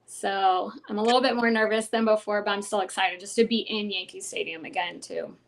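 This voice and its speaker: A woman's voice: mid-range voice, fairly even intonation, fairly quick, gravelly, slight background noise. A woman guest on a sports podcast, chatting casually and eagerly, laughing often between thoughts.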